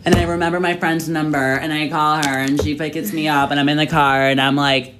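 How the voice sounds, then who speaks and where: A young man, a tipsy podcast co-host, telling a rambling, animated story full of swearing. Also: fairly high pitch, fairly quick, few pauses, noisy background. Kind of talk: casual storytelling chat.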